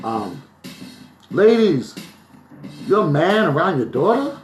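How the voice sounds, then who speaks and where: A man's voice: a little high, sing-song, unhurried, long pauses, a bit bright. A man from New Jersey livestreaming on a phone, talking in a preachy, emphatic way and often checking in with "right?". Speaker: vlogger. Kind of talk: live-streamed commentary. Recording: echoey room with faint music.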